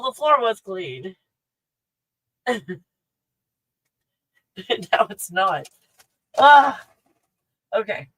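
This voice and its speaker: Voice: mid-range voice, a bit bright, no room sound, poor audio. A livestream host at home, chatting in a scattered, casual way, laughing often and talking to a puppy between thoughts. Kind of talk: casual rambling livestream chat.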